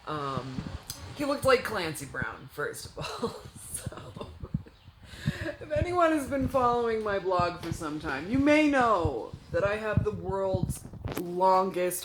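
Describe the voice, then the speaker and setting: A woman's voice: fairly low pitch, noisy background. Candid, chatty young woman vlogging. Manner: chatty, candid, laughs often, acts out quotes. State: hungover. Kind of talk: casual confessional vlog. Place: at home.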